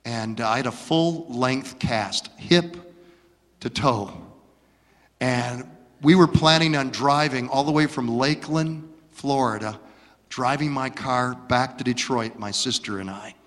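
A man from Michigan telling stories from his childhood as a preacher, dramatic and swinging from hushed to loud. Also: medium pitch, slow pace. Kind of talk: storytelling sermon. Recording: long hall reverb.

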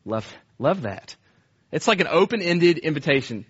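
High-voiced guy pastor preaching hard, repeats himself a lot, kinda muffled sound. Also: sing-song, normal speed, a bit bright, breathy edge. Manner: impassioned, repeats phrases, acts out quoted cries. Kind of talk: sermon.

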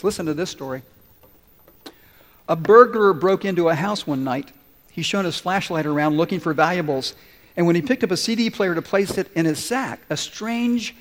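A man pastor preaching a sermon in a large church, earnest and conversational, putting questions to the congregation. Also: high voice. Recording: long hall reverb.

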